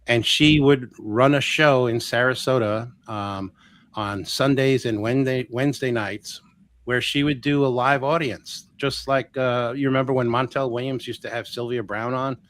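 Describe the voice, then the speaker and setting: A man talking casually as a guest on a live interview show, retelling a personal story with lots of acted-out quotes and quick restarts. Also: mid-range voice. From Florida. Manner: animated, acts out quoted voices, restarts often. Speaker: guest healer.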